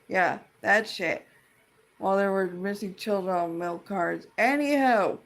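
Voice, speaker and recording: A woman's voice: medium pitch, unhurried. A woman ranting in a casual vlog, profane, rambling and indignant as she vents like a fed-up tenant. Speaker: tenant venting about a dispute.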